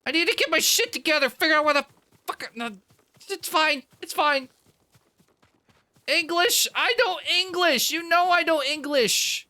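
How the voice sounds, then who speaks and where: A man's voice: very high-pitched, unhurried, sharp tone, pitched above the performer's own voice, heavily acted. A man putting on the voice of a nervous, stammering teenage boy who keeps muttering jeez while he plays a game. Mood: flustered.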